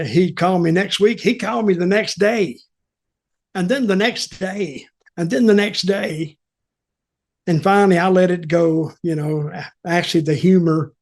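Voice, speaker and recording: An older man spins a casual story, his voice sitting fairly high. He retells conversations animatedly, acting out the quotes and chuckling as he goes. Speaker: storyteller and show guest.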